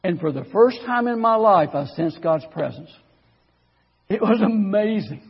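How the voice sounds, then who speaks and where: A man's voice: high voice, animated, measured pace, husky, in a large hall, lo-fi sound. A man preaching in a church, telling his own story in a folksy, conversational way with stammered restarts. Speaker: guest preacher. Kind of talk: sermon with personal testimony.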